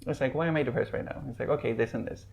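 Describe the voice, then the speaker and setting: A man chatting casually as a podcast guest, rambling and filling every pause with "like". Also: mid-range voice, gravelly. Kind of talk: casual chat. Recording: muffled lo-fi podcast audio.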